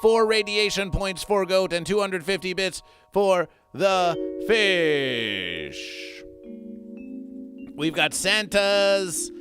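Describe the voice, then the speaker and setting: A man's voice: sits high, steady tone, slow, hardly any pauses. A man hosting an absurdist comedy livestream, chanting and repeating himself as he reads out chat. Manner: chanting, repetitive, sing-song announcing. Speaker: livestream host. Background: music.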